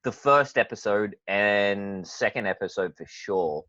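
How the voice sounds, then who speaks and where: A man's voice: lowish voice, lively intonation, a little slow, bright, forceful tone, no room sound. Easygoing male co-host on a dull mic. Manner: easygoing, agreeable, lots of "like". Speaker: podcast co-host. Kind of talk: casual chat reviewing a cartoon.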